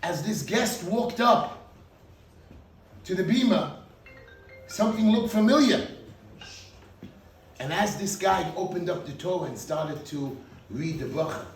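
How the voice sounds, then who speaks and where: A man giving a speech at a party, telling a dramatic story with an animated delivery. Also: high-pitched, a little slow, pauses often. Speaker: speaker at a party. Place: event hall. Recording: echoey hall, mic from far off.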